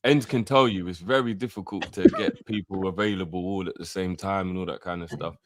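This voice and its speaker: Laid-back man, low voice. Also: fairly quick, dry recording, clean studio sound. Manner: laid-back slang, animated when mocking critics. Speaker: co-host of a football channel. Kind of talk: casual chat.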